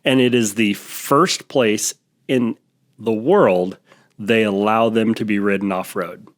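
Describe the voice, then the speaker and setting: A man hosting a podcast in casual chat, easygoing with quick reactions. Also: on the low side. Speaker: podcast host.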